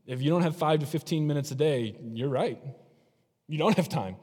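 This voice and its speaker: A middle-aged man delivers a sermon as a pastor, speaking in a fairly high voice. His preaching is conversational and full of rhetorical questions to the congregation. His voice rings with a long reverb, as if he is in a large church hall. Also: a little fast, darkish tone.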